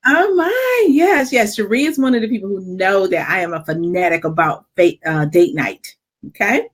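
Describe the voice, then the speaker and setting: A middle-aged woman co-hosting a talk show, chatting and telling a personal story with animated delivery and frequent laughter. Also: medium pitch, moderate pace, slightly rough. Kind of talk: casual chat and personal storytelling.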